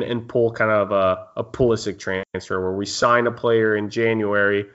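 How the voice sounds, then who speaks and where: A man's voice: fairly low pitch, fairly bright tone, dull audio. A man hosting a casual sports podcast, chatting and reading listener questions. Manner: conversational, reads listener questions. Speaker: podcast host.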